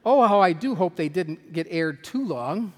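A man's voice: high voice, lively intonation, normal speed. An earnest, literal-minded storybook housemaid, as a man puts her on in a raised sing-song voice. She sounds eager and innocent. A long hall reverb trails every phrase.

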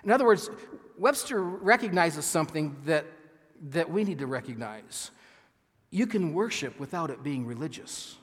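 A man preaching a sermon as pastor, earnest and halting, with frequent restarts, reading scripture slowly with emphasis. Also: a little high, expressive, husky. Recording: long hall reverb.

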